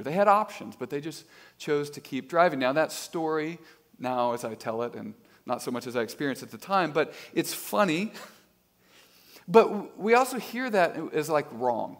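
A man's voice: fairly high pitch, lively intonation, moderate pace. A middle-aged man preaching a sermon as pastor, telling stories with self-deprecating humor.

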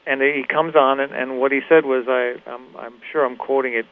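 A man from Los Angeles, a musician guest, reflecting in a halting way with frequent restarts and "you know". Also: mid-range voice, fairly even intonation. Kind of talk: reflective interview talk. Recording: tinny phone-like radio recording.

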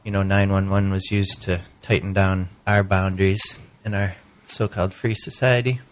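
A male radio co-host with a slightly low voice and a faint lisp. He offers laid-back, drawling commentary in casual studio banter. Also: level tone, moderate pace.

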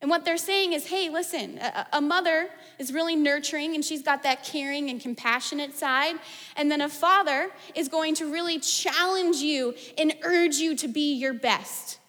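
A woman in her thirties delivers a sermon with a high, bright pitch. She talks in an animated, conversational way, full of stories and casual asides. Her voice rings out with a long hall reverb behind it. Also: normal speed. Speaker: preacher.

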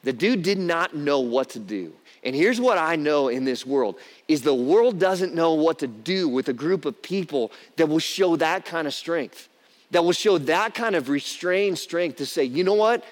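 A man's voice: a little high, animated, measured pace, long reverb tail. A man preaching a sermon as pastor, telling stories in a conversational way that climbs to emphatic peaks.

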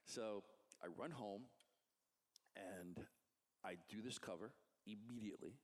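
Lower-pitched male comic artist, casual storyteller, animated, slips into voices for the people in his story. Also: a little slow.

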